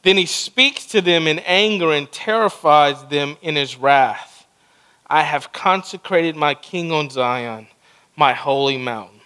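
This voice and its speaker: A man's voice: on the high side, slow pace, sharp tone, clean tone. A man preaching a sermon, acting out quoted lines as he teaches. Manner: preaching, acts out God's words in quoted asides. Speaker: pastor.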